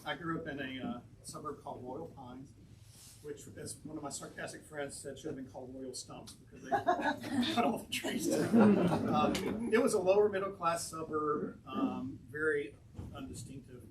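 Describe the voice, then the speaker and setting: A man from North Carolina answers audience questions at a bookstore reading, rambling through anecdotes with frequent chuckles. His voice sits a little high for a man. He is recorded from far off, and the room is noisy around him. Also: animated, normal speed. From North Carolina, USA. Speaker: poet presenting his book. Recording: distant mic, noisy room.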